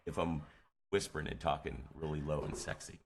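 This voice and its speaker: A man's voice: a bass voice, level tone, a little fast, gravelly, a little hiss or hum. A man hosting a live radio show from a small studio, bossily coaching his co-host with mounting exasperation. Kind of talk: live talk radio banter.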